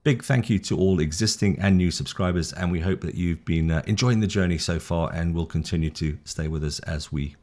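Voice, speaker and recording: A middle-aged British man teaching an English lesson in a casual one-to-one style, enthusiastic and rambling, often tongue-tied and laughing at his own slips. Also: sits low. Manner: rambling, gets tongue-tied, self-deprecating.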